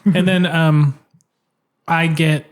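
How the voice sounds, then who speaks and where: A man's voice: on the high side, flat delivery, slow. A man co-hosting a comedy podcast, spinning playful, rambling improvised stories. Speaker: podcast co-host.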